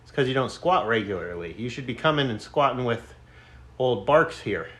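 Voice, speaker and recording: Between sets at the gym, this man is slightly winded as he live-streams a casual workout chat. His medium-pitched voice is animated and a bit bright at a moderate pace, and he jokes around and reads out viewer comments, recorded on a camera mic.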